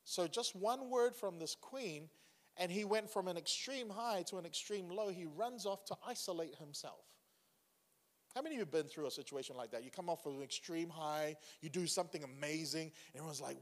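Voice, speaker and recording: A man delivers a sermon with loose, chatty energy, often turning to the congregation with questions. His voice sits fairly high for a man. The recording rings with the long reverb of a large hall. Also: fairly quick. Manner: conversational, animated preaching with asides to the congregation. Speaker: pastor.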